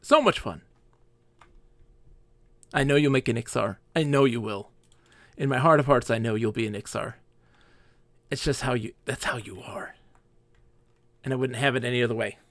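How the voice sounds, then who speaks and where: A man live-streaming a game, chatting casually with viewers and telling animated stories. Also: mid-range voice, normal speed, long pauses, no echo. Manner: animated storytelling, acts out quoted players. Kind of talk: casual live-stream chat while gaming.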